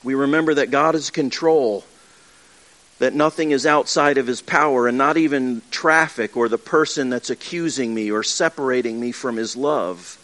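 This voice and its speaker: A man preaching in an earnest, conversational way, with a voice at a middle pitch for a man. He restarts his phrases often and slips into little acted asides. The sermon moves freely, more like talking to friends than reading a script. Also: normal speed, a bit bright. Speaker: pastor. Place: church with livestream.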